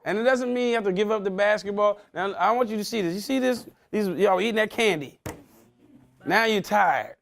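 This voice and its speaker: A man's voice: high-pitched, brisk, gravelly. A man giving a motivational talk, quizzing his young audience in casual slang. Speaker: motivational speaker.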